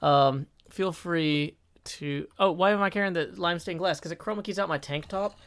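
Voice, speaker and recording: A man's voice: a little high, moderate pace, fairly bright tone. A man live-streaming a video game, chatty and self-mocking as he reads chat aloud.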